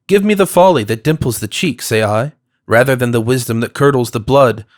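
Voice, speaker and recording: A man voicing a glib, smooth-talking cosmopolitan who speaks in an effusive, rhetorical way. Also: mid-range voice, brisk, lightly acted. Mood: earnest.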